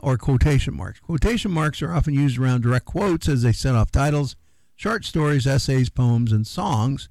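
Man, middle-aged, gravelly, radio co-host, rambling casual talk. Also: mid-range voice, darkish tone, dry recording. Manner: loose and rambling, many fillers. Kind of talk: casual chat.

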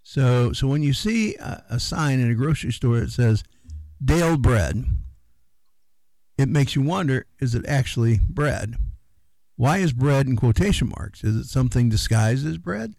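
A man's voice: medium pitch, animated, moderate pace, creaky, a little mellow, no echo. A man co-hosting a casual radio chat, rambling with fillers and restarts. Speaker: radio co-host.

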